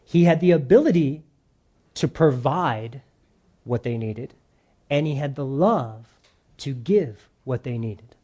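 A man preaching a sermon as pastor, animated, dropping to soft emphasis at the ends of phrases. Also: mid-range voice, slow, pauses often.

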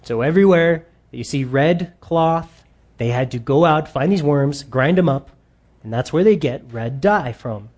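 A man's voice: fairly high pitch, expressive, measured pace, a little mellow. A man preaching a sermon with enthusiasm, reading quotes aloud and exclaiming over them. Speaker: pastor.

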